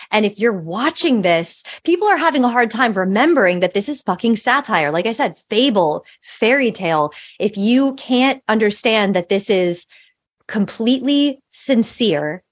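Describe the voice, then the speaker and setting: A woman's voice: medium pitch, animated, moderate pace, no room sound. A woman co-hosting a podcast, arguing passionately in casual chat and saying "like" often. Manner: passionate, argumentative, uses "like" often. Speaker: podcast co-host. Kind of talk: casual film discussion. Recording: dull lo-fi sound, dry.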